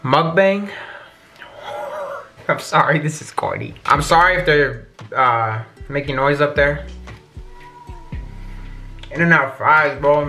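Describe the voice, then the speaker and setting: Young male vlogger, fairly high, bright voice, loose slangy delivery. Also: takes it slowly, pauses often, faint music behind. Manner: slangy, rambling, animated. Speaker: YouTuber. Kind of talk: casual vlog. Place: car at a drive-thru, then indoors at home.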